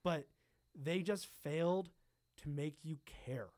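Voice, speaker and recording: A man's voice: fairly high pitch, slow pace, darkish tone, dry recording, clean studio sound. Profane, rambling man chatting about games. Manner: rambling, profane, laughs often. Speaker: podcast co-host. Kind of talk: casual chat about video games.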